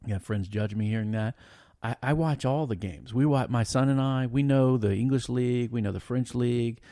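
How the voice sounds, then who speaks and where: A middle-aged man on a podcast telling a story in an animated, laughing way, often stopping and starting again. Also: mid-range voice, normal speed, no room sound, studio quality. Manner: animated, laughing, trails off and restarts. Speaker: podcast guest. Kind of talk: casual storytelling chat.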